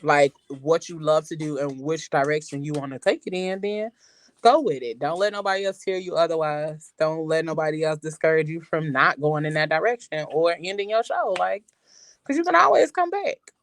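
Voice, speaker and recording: A woman talking loudly and energetically in a casual podcast chat, full of slang and laughter. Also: normal speed, no echo. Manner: loud, high-energy and animated. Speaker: podcast guest.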